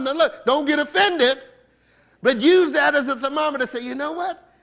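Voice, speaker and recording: A man's voice: extremely high pitch, normal speed, creaky, fairly bright tone. A man preaching a sermon as a bishop, conversational and playful, asking the congregation rhetorical questions and laughing between points, with features.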